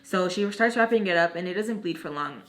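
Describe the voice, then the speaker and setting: A woman's voice: on the low side, brisk. A young woman telling a personal story in a casual, chatty way, full of "like". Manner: chatty, filler-heavy with "like".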